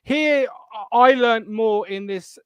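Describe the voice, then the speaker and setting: A man's voice: very high-pitched, takes it slowly, a bit bright, clear, resonant tone, dry recording, dull audio. A man with a Suffolk accent hosting a casual live fan show from his living room while ill with tonsillitis. He swears freely, laughs at himself, and rambles between thoughts. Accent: Suffolk English. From Suffolk, England. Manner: swearing, laughing, self-mocking.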